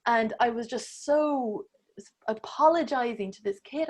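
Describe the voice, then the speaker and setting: Her voice sits fairly high and sounds a little mellow, and she speaks a bit slowly. She's a woman in her thirties, a breathwork teacher guesting on a podcast, recounting a personal story conversationally while playing out her inner voices, with laughs and an occasional swear word.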